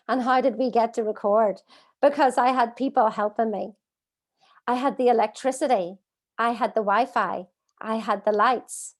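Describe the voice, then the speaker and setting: A middle-aged woman leading a live online coaching masterclass from home, earnest and expressive, asking her audience many rhetorical questions. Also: a little high. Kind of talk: live-streamed coaching talk. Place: at home, streaming by video call.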